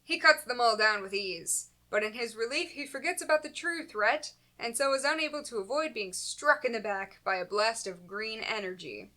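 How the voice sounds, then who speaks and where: A woman's voice: a little high, normal speed, hardly any pauses, sharp tone. A woman co-hosting a comics podcast, reading plot recaps with dry, sarcastic asides and frequent laughter. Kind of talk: casual comedic recap, reads summary then riffs.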